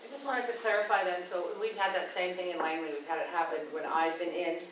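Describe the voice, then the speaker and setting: A woman's voice: on the low side, fairly even intonation, quick pace, a little hiss or hum. A woman from the audience asking an earnest question to clarify a point. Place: large meeting room. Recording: very echoey room, distant from mic.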